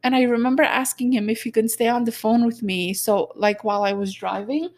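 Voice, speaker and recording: A woman telling a personal story in a halting, reflective way, with many fillers and a gently emotional, earnest tone. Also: a little high, fairly even intonation.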